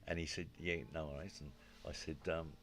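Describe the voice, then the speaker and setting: Very deep-voiced man telling a story. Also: moderate pace, soft background music. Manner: animated storyteller, acts out quotes, frequent "you know". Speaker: guest storyteller. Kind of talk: casual storytelling chat.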